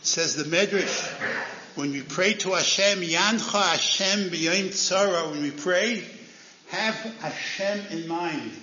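Animated rabbi giving a Torah lecture. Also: male voice, sits high, slow, reverberant, lo-fi sound. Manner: acts out story voices with sudden rises.

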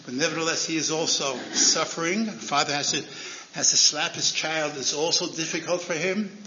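A man's voice: fairly high pitch, fairly even intonation, moderate pace, sharp tone, echoey room, lo-fi sound, slight background noise. A man giving a Torah lecture as a rabbi, telling stories and acting out the characters' lines with sudden rises in voice.

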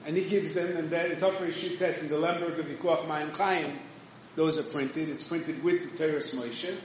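In a very echoey room with faint noise, a fairly high-pitched man gives a Torah lecture in yeshivish shiur style. His intonation stays fairly even and his speed is normal, and his loose delivery keeps restarting and mixing in Hebrew and Yiddish words.

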